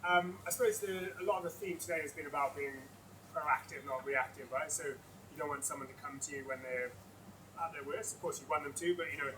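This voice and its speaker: A man's voice: on the high side, fairly quick, pushed and bright. A man moderating a panel discussion, asking questions casually and hunting for words as he goes. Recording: far-off mic with faint noise.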